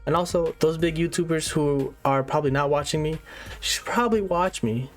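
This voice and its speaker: A man hosting a satirical tutorial monologue, mock-serious and lively, checking in with "all right?" again and again. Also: fairly high pitch, a little fast, faint music behind. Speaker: comedic YouTuber host.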